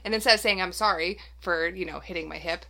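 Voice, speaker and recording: A woman's voice: lowish voice, fast, gravelly. A young adult woman from Minnesota, co-hosting a casual chat and laughing often as she acts out little quotes. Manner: laughs often, animated quoting.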